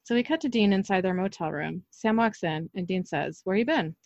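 A woman's voice: on the low side, brisk, darkish tone, no echo. A woman casually reading out an episode recap in a plain, matter-of-fact way. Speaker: recap narrator. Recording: slightly dull lo-fi audio.

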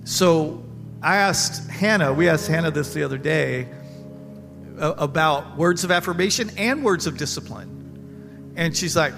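A man's voice: fairly high pitch, lively intonation, a little slow, gravelly, pauses often, big-room sound, over music. A man pastor leading a church panel, speaking in an emphatic, folksy way and repeating himself. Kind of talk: church panel talk, preaching. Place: church service.

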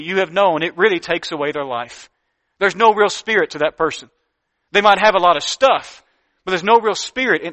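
A man preaching a sermon, reading Bible verses slowly and deliberately and then explaining them in earnest, plain talk with emphatic repeated lists. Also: high voice, fairly bright tone. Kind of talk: sermon teaching from Proverbs.

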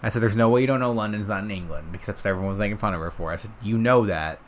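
A young man co-hosting a casual comedy podcast, telling a story and getting loud when he quotes people. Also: on the low side, very fast, a little hiss or hum. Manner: storytelling, gets loud and animated when quoting. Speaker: podcast co-host.

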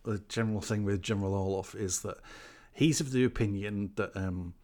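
A man's voice: lowish voice, fairly quick, darkish tone. A man co-hosting a casual chat, hesitant with many ums and a dry sense of humour. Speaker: podcast co-host.

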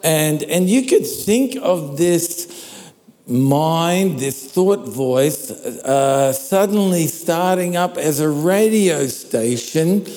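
A pastor gives a sermon in a church hall through a handheld or stand mic, keeping it easygoing and frequently asking his listeners "all right?". His voice sits a little high and he draws out his words, with the big room's long reverb trailing behind.

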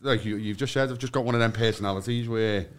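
A man's voice: fairly low pitch, fast talker. A man, a guest on a casual podcast chat, telling stories full of swearing and often laughing through his own words.

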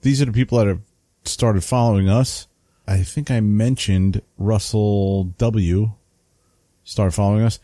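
A man's voice: fairly low pitch, steady tone, measured pace, dark tone, no echo, clean studio sound. A man co-hosting a casual hobby podcast, laid-back and chatty, often tossing in "man". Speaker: podcast co-host. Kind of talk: casual chat.

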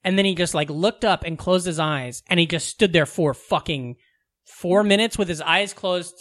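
A man's voice: high-pitched, moderate pace, a bit bright. A man in his thirties co-hosting a casual comedy podcast, telling rambling stories and swearing freely. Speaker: podcast co-host. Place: New York City.

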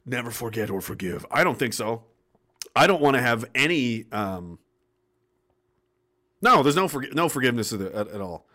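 A man's voice: medium pitch, big pitch swings, normal speed, pauses often, sharp tone. A man hosting a show, reading out chat and ranting with sarcasm, often stopping and restarting. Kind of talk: ranting livestream commentary.

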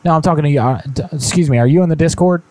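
A man's voice: on the high side, very fast, darkish tone. A man hosting a live prank call stream in an upbeat manner, thanking viewers and hyping the calls. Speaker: show host.

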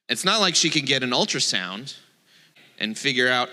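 A man's voice: mid-range voice, lively intonation, moderate pace, bright, forceful tone, long reverb tail. A man, a rabbi, giving a playful, joking sermon and acting out the voices in his quotes.

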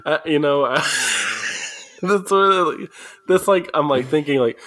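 Bouncy-voiced podcast dude, rambles and giggles a lot. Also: male voice, fairly high pitch, animated, moderate pace, fairly bright tone. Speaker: podcast co-host. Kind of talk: casual podcast chat.

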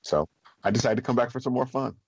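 A middle-aged man, a stage performer and guest, telling stories in a relaxed interview, animated and often laughing. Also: medium pitch, quick pace, dry recording. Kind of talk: casual storytelling in an interview. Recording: slightly dull, dry podcast audio.

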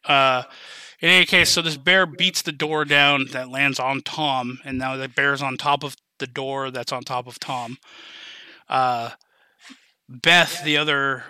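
Male podcast host, bright voice, excited rambling recap, dry mic. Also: mid-range voice, measured pace, clean tone, no room sound. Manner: enthusiastic, rambling retelling with fillers and swearing. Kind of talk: casual movie recap chat.

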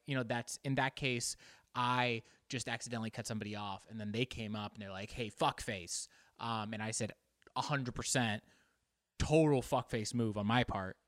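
A man's voice: medium pitch, a bit bright, no echo, clean studio sound. A man hosting his own podcast alone, rambling casually about himself in a self-deprecating way and swearing freely. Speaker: podcast host. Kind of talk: casual solo podcast monologue.

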